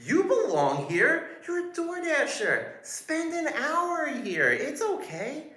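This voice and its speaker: A man voicing an overeager, fawning male security guard in a high, drawn-out, laughing voice, recorded in a roomy space. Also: huge pitch swings, bright, forceful tone, full character voice. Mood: giddy fawning. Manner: squealing, drawn-out, laughing through words. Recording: roomy echo.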